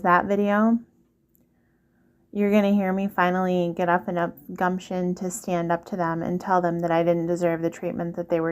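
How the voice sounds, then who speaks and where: Woman vlogging advice, earnest and direct, somewhat low voice, repeats herself. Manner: earnest, repetitive, directly addressing the listener. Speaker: vlogger giving relationship advice. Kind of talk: casual advice monologue to camera.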